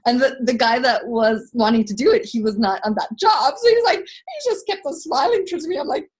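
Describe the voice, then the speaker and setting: A woman speaking over a video call, with a slightly husky voice that swings up and down. She tells stories in an excitable, casual way and laughs often. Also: high voice, brisk. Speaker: co-host of an online class. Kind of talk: animated casual storytelling.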